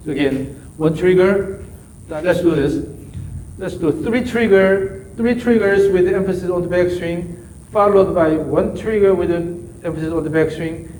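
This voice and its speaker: A man's voice: mid-range voice, darkish tone, a little hiss or hum, low-quality recording. A man whose first language is Korean, coaching a golf student with short, repeated instructions. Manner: short repeated instructions, non-native phrasing. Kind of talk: coaching a student during practice.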